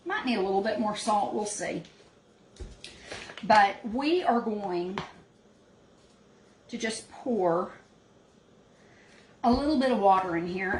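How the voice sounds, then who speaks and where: A woman chats her way through a home cooking demo, talking to her viewers in an unhurried, homey drawl. Her voice bounces around a small, echoey cabin kitchen, and plenty of background noise comes through the camera mic. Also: medium pitch. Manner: homey, chatty, talks to viewers as y'all. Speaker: cooking show host. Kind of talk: casual cooking demonstration.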